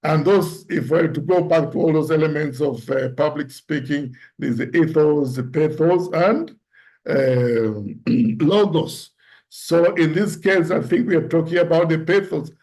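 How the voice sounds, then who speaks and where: A man giving an instructive talk on public speaking, explaining points deliberately and acting out example lines to show tone. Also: a little mellow. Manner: deliberate, demonstrates pitch and tone examples aloud.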